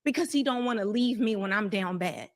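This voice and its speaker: A woman's voice: medium pitch, fairly quick. A woman in a played clip of a panel debate, speaking emotionally, defensively and insistently.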